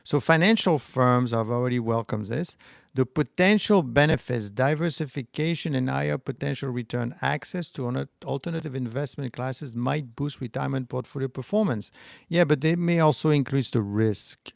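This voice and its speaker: In clean studio sound free of room noise, a middle-aged French-accented man hosts a rambling stock market livestream, restarting often and answering chat comments. He speaks at medium pitch and a moderate pace, with vocal fry.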